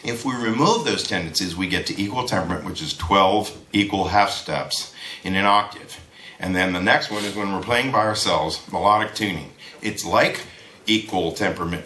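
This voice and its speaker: A man teaching a trombone masterclass to students, talking in an animated way and singing rhythms aloud. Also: low voice. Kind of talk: lecture to students. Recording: echoey room.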